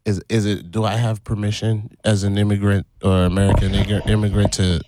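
A man's voice: fairly low pitch, flat delivery, fairly quick, mellow, no room sound. A man co-hosting a podcast, chatting casually and getting worked up in heated banter, laughing often. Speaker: podcast co-host. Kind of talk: casual chat.

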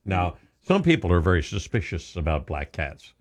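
A man hosting a morning radio show in casual banter, jokey and quick to laugh, talking from a studio microphone. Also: sits low, big pitch swings. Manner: jokey, quick to laugh, talks over his co-host.

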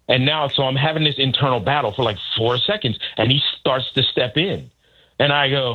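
A man's voice: medium pitch, expressive, fairly quick, husky, lo-fi sound. A man, a caddy, telling a story and acting out the voices of the people in it. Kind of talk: animated storytelling.

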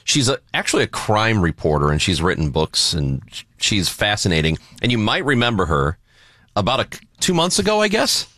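Man, radio host, from southern illinois, animated storyteller, bright voice, dry close sound. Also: on the low side, fairly quick, no echo. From Southern Illinois, USA. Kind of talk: casual radio chat.

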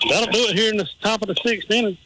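A male radio announcer calling a softball game play by play, with brisk, matter-of-fact calls. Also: high voice, over loud music, poor audio.

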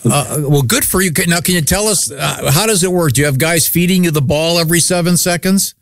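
A man hosting morning radio, hesitant with many fillers and quick to laugh, on a studio mic. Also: on the high side, vocal fry, no echo. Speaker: radio host. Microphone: studio mic with headphones.

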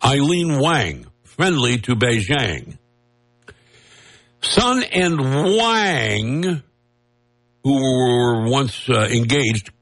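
Mid-range and slightly rough, this man's voice carries a casual political monologue full of mockery and wisecracks. He rambles loosely, restarting and wandering into asides, and laughs at his own jokes.

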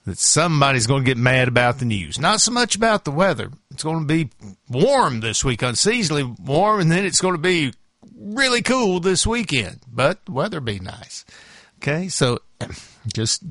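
Folksy Southern radio host, lively pitch. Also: male voice, dry recording, clean studio sound. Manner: folksy, rambling. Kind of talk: casual radio chat.

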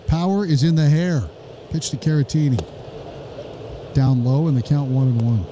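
A man calling a live baseball game play-by-play, brisk with wry joking asides and rising excitement on big plays. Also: a little high, background noise. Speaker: play-by-play announcer.

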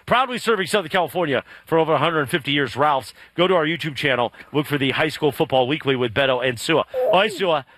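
A male radio host moving the show along briskly, throwing to segments and reading sponsor lines. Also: on the high side, animated, a bit bright, no echo. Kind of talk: on-air hosting with sponsor reads.

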